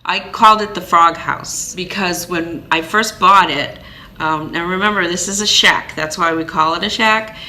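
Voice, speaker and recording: A woman from Maine telling a personal story as a vlogger, in an animated, chatty way with fillers and restarts. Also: fairly low pitch, normal speed. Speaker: vlogger, single parent.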